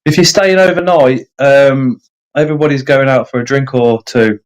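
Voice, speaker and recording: A man's voice: medium pitch, normal speed, low-quality recording. A man hosting a casual livestream chat, self-deprecating and reading out viewer comments. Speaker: livestream host. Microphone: streaming setup.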